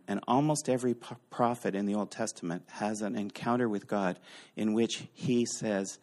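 A man's voice: fairly low pitch, normal speed. Man giving a casual Bible lecture. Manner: lively, thinks aloud with fillers and restarts. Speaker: teacher.

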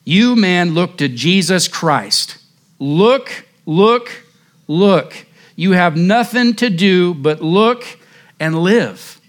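A man's voice: fairly high pitch, animated, unhurried. A man voicing a fervent, rustic lay Methodist preacher who speaks in a folksy, plain-spoken way and preaches emphatically. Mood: urgent. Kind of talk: quoted sermon reading.

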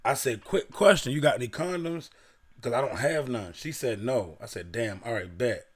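A man's voice: mid-range voice, normal speed. A young man from Baltimore, a podcast co-host, casually telling a profane story and reading old messages aloud.

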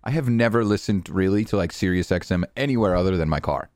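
A man's voice: sits low, quick pace, darkish tone, no room sound, studio quality. A man hosting a casual podcast, joking around with his guests and cracking dad jokes. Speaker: podcast host.

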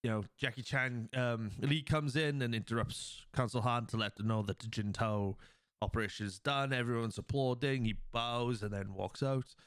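A man's voice: mid-range voice, moderate pace, a bit bright, clean tone, no echo, studio quality. A man hosting a podcast, recapping a film's plot in a loose, rambling way with lots of fillers. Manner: acts out quoted lines. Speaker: podcast host. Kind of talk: casual film plot recap.

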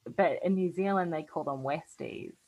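A woman's voice: sits low, normal speed, vocal fry, darkish tone, slightly rough, highs cut off. An Australian woman in casual podcast chat, chatty and often laughing, trailing off mid-thought. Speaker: podcast co-host.

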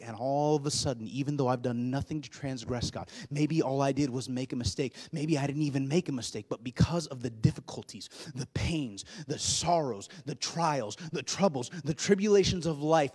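A man in his thirties preaching a sermon. He builds to loud, urgent climaxes, then drops to quiet, low-voiced passages. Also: moderate pace, husky. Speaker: pastor.

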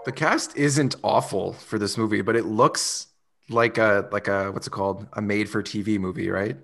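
Relaxed man hosting a casual podcast. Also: on the low side, moderate pace, creaky, faint music behind. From Canada. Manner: relaxed, hesitant with fillers. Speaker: podcast host. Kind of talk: casual chat.

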